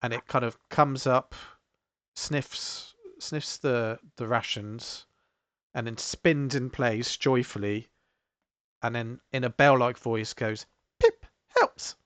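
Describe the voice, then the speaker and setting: A man narrating a tabletop role-playing game as game master, unhurried and hesitant, with many fillers. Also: mid-range voice, fairly even intonation, a bit bright, no room sound.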